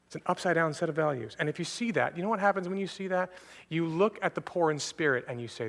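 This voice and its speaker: A man's voice: a little high, animated, fast talker, creaky, fairly bright tone. A man preaching a sermon as pastor, speaking earnestly and addressing listeners directly again and again. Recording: long hall reverb from a church.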